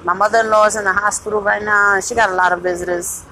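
A woman venting in a blunt, profane, casual monologue, breaking into loud laughs. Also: medium pitch, little pitch movement, fast talker, a little hiss or hum, rough recording.

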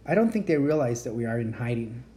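A woman reading as a calm, weary enchantress. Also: rumbling low, fast. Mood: calm, worried. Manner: calm, soft-spoken. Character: gentle, weary young enchantress caring for children.

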